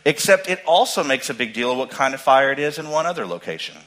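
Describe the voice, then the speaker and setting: Animated preacher with a bright voice. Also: male voice, mid-range voice, fast, poor audio. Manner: animated storytelling, swings from loud emphasis to hushed tones. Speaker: pastor. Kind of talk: sermon.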